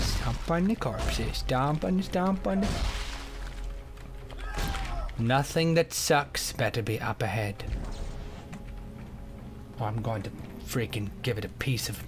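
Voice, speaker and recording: A young man commentating a video game as he plays, goofy and joking, bursting into shouts. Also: mid-range voice, expressive, slow, music in the background. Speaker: gameplay commentator. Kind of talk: let's play commentary.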